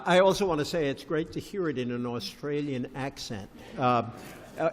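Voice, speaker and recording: A man moderating a conference panel, genial and wry, with halting speech and fillers. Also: mid-range voice, a little hiss or hum. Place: large conference hall. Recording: reverberant lecture hall.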